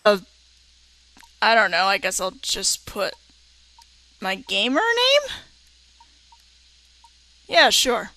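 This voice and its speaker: A young woman hosting a let's play, chatting excitedly through gameplay commentary. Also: medium pitch, slow pace, long pauses. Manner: excitable and giggly.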